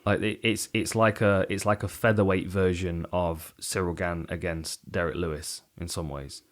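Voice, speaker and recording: A man's voice: sits low, steady tone, normal speed. A middle-aged man co-hosting a podcast, casually breaking down fights and often restarting his sentences. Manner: thoughtful, self-correcting, trailing off mid-sentence. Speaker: podcast co-host, fight analyst. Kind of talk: casual chat.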